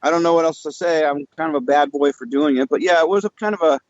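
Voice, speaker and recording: A man's voice: on the high side, quick pace, no echo, muffled recording. A man telling loose, rambling anecdotes as a guest in a casual podcast chat. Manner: rambling, loose, with frequent fillers. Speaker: guest storyteller.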